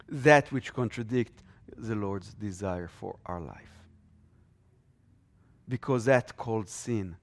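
A man's voice: mid-range voice, darkish tone. A man preaching a sermon with strong emphasis, his voice swelling and dropping.

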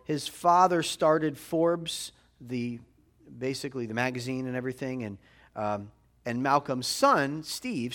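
A man's voice: mid-range voice, fairly bright tone. A middle-aged man preaching a sermon as a rabbi, talking conversationally to the congregation and often asking "right?". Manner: conversational preaching, frequent tag questions.

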